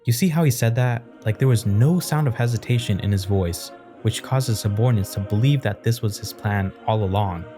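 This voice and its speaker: A man calmly explaining his points in an analytical video essay. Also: lowish voice, brisk, hardly any pauses, music in the background.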